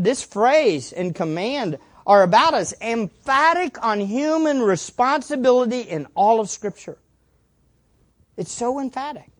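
A woman's voice: on the high side, no echo, clean studio sound. A woman preaching a sermon, emphatic, repeating key words and asking the congregation questions.

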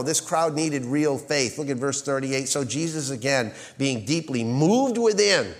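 Pastor guy giving a sermon, gets loud then real quiet, asks the crowd questions, long church echo. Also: mid-range voice, animated, a little slow, few pauses. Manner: dramatic swings between loud emphasis and hushed quiet; preaching with rhetorical questions to the congregation.

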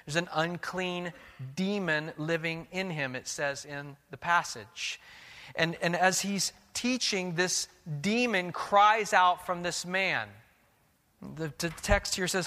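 A man's voice: sits high, slow pace, pushed and bright, long reverb tail. A man preaching a sermon as pastor, earnest and questioning, often restarting his words.

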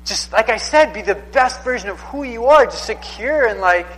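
A man's voice: sits high, lively intonation, normal speed, fairly bright tone, in a large hall, rough recording. A man in his thirties preaching a sermon in a casual, conversational way, often repeating himself for emphasis. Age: 30s. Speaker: pastor.

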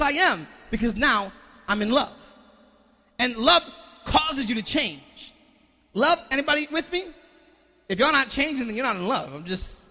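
Male pastor with a very high voice, preaching with shouted calls to the congregation in a reverberant church. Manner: call-and-response preaching, repeats words, rising to shouts. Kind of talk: sermon. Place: church sanctuary.

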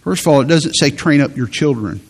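Gravelly emphatic preacher man. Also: on the high side, expressive. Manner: slow emphatic preaching, quoting scripture. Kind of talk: sermon.

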